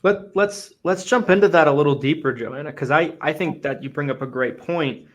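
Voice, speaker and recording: A man's voice: a little high, moderate pace. A man hosting a casual podcast conversation, earnest and restarting phrases as he thinks aloud. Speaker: host.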